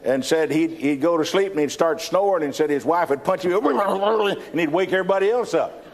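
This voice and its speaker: Folksy Texan preacher telling a story. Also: male voice, on the high side, moderate pace. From Texas. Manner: folksy, anecdotal, repeats words when starting sentences. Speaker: preacher giving a testimony. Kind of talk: storytelling sermon.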